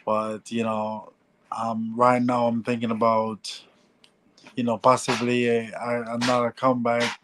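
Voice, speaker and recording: A man in his forties with a Jamaican accent, talking casually as an interview guest, halting and often repeating "you know". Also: medium pitch, monotone, noisy background. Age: 40s. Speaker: guest, former heavyweight boxer.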